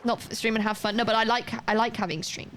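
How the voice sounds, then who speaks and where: A woman's voice: on the high side, steady tone, fast, fairly bright tone, slight background noise. A young woman streaming a game live, chatting casually and drifting off on tangents. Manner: rambling, chatty, goes off on tangents. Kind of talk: casual chat while gaming live.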